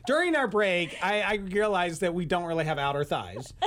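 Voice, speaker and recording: A man telling a funny hiking story on a radio show, animated and laughing often as he acts out quotes. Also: sits high, normal speed, noisy background. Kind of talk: casual radio chat.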